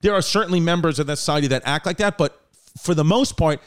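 A man's voice: fairly high pitch, fast, smooth. A man in his thirties hosting a podcast, chatting loosely with lots of swearing and laughter. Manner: loose, profane, laughing storyteller. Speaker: podcast host. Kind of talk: casual podcast chat.

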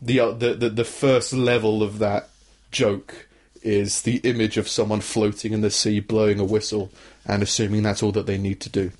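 A man's voice: on the low side, level tone, normal speed, a little mellow. A young man co-hosting a casual comedy podcast, rambling, restarting his sentences and laughing often. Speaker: podcast co-host.

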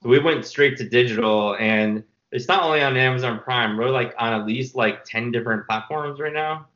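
In a muffled recording, a man of medium pitch talks at normal speed as a filmmaker guest. He tells long, rambling stories in a casual interview, animated and full of fillers.

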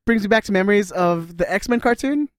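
High-voiced chatty man in sports chat. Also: expressive, a little fast, no room sound. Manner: chatty, laughs easily, many fillers like "like". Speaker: podcast co-host.

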